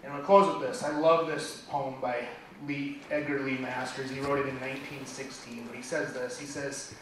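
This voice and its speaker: A man's voice: medium pitch, little pitch movement, moderate pace. Impassioned man speaking in echoey hall. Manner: impassioned, building to near-shouting. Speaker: motivational speaker at a business event. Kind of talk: motivational speech. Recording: echoey hall from far off, faint noise.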